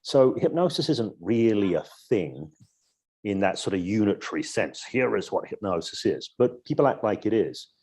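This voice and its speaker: A man with a low, husky voice talks through his coaching in a thoughtful podcast chat. He explains with examples and now and then slows into a soothing, hypnotic tone. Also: sing-song, a little mellow. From Edinburgh, Scotland. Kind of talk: casual interview conversation.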